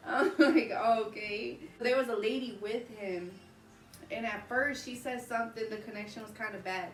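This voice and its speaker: Vlog host, woman in her 30s, chatty storyteller, slightly high voice, mic set back from her. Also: moderate pace. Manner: animated, laughing as she retells the story. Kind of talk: casual storytelling. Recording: roomy, distant mic, faint ambience.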